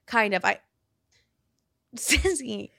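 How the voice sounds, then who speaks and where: Hosting a casual podcast chat from her apartment in a large US city, this twenty-something woman swears a lot, fills her talk with "like," and laughs occasionally. She speaks very slowly in a slightly high voice with lively intonation, vocal fry, and a sharp edge.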